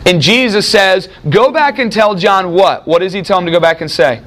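High-voiced man teaching a Bible class. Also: moderate pace, a bit bright. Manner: asks the class questions and answers them himself.

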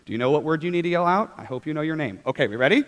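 Lively high-voiced man leading children. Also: very fast. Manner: upbeat, animated, coaxing kids to join in. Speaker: children's church leader. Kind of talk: children's sermon. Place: large church hall with children. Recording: hall reverb.

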